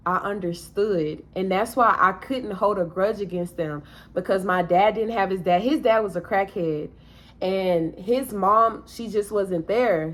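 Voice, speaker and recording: A woman tells her own story to the camera in a candid, earnest way. She speaks plainly and casually, using everyday slang. She often turns to address her viewers directly. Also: medium pitch. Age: adult parent. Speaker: vlogger sharing a personal testimony.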